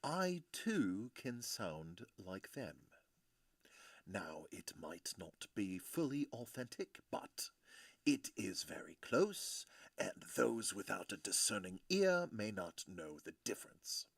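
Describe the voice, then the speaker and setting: A man doing a put-on posh English accent as a prim upper-class Englishman, speaking slowly and softly. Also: on the low side, sing-song, creaky, dry recording, voice pushed down, exaggerated voice.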